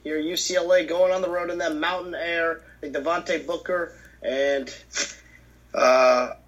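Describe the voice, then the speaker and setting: A man with a bright, somewhat high voice co-hosts a sports picks chat. He jumps in with quick reactions and states his picks confidently. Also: fairly even intonation, poor audio. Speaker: co-host.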